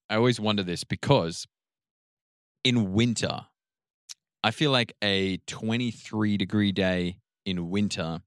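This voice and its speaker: A man co-hosting a podcast, relaxed and joking, musing at length in casual chat. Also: deep voice, smooth, no echo, clean studio sound. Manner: relaxed, joking, rambling explanations. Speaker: podcast co-host.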